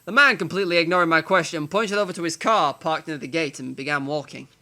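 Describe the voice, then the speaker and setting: A young man with a northern English accent reading a visual novel aloud, animated and self-mocking. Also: fairly high pitch, fast talker. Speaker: let's player.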